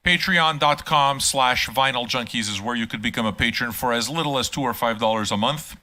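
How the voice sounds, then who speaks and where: Bright-voiced older man ranting playfully. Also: mid-range voice, a little fast. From Quebec. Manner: profane, teasing, rants loudly at times. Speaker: channel host. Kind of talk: casual live-stream monologue.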